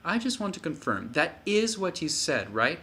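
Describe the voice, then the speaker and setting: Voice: medium pitch, big pitch swings, normal speed, pushed and bright, a little hiss or hum. A let's play host reading game dialogue aloud, with jokey asides between lines.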